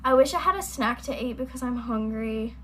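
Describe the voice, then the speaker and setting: A woman's voice: fairly high pitch, lively intonation, a little fast, fairly bright tone, low-quality recording. A young woman hosting a reaction video at home, chatting casually in a rambling, apologetic way. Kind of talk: casual chat. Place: at home, indoors.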